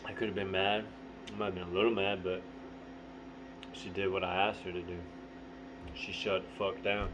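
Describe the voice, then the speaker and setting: A man talking candidly to the camera in a profane, motivational monologue. He is blunt, swears constantly and often clears his throat. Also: low-pitched, flat delivery, moderate pace, pauses often. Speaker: vlogger. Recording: dull lo-fi audio with faint hum.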